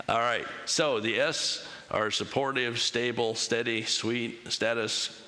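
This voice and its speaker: A man's voice: medium pitch, fairly even intonation, slow pace, few pauses, pushed and bright. A man giving an interactive church talk, casual and joking, asking the congregation to raise hands. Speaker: church speaker. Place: chapel. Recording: long chapel reverb.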